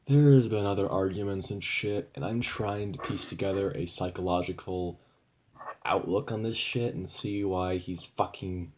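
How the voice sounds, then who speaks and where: A young man talks straight to his camera in a loose, rambling vlog, swearing often and sounding fed up. His voice sits fairly low for a man. He restarts sentences and piles on asides as he vents. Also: darkish tone, a little hiss or hum. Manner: rambling, profane, frustrated. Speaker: vlogger. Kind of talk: casual venting vlog.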